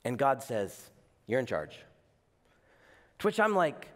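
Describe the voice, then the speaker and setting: A man preaching a sermon as a pastor, animated, with playful asides and voiced quotes. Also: mid-range voice, slow pace, long pauses, big-room sound.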